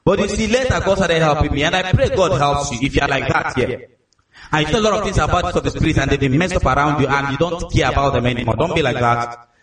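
A Nigerian man preaches a sermon with a fairly high voice. He tells stories with energy and often repeats his words. He sounds far from the mic, and his voice booms around a big echoing hall. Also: quick pace. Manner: lively storytelling with repeated words.

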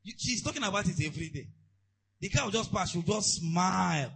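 A man preaching a sermon, telling stories and asides in an animated way. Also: high-pitched, brisk, gravelly, breathy edge, poor audio. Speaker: pastor.

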